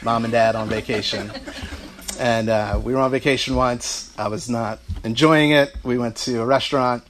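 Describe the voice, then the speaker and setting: A man's voice: mid-range voice, fairly even intonation, moderate pace, slight background noise. A middle-aged man giving a heartfelt speech about his parents, telling family anecdotes and laughing through them. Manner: storytelling, warm asides, laughing through anecdotes.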